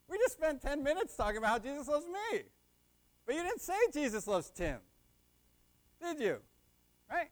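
A man's voice: very high-pitched, big pitch swings, moderate pace, pauses often. A young man giving a sermon, often checking in with the congregation by asking "right?" and leading them in call and response. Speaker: lay preacher.

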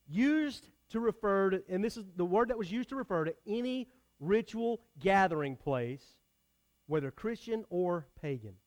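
Man, fairly high voice, sermon, chatty preaching, addresses the congregation. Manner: engages congregation directly, conversational preaching. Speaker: pastor.

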